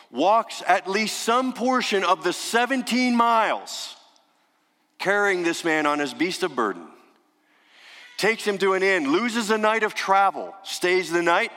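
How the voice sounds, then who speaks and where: Pastor, male, lively and forceful sermon delivery, dramatic hushed drops, long hall reverb. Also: a little high. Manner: dramatic, emphatic storytelling with sudden hushed drops.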